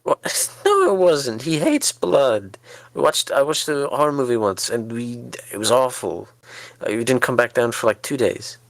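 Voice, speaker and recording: A man's voice: mid-range voice, very animated, moderate pace, dry recording. A man role-playing a flustered, anxious character in a tabletop game, stammering as he talks. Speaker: player.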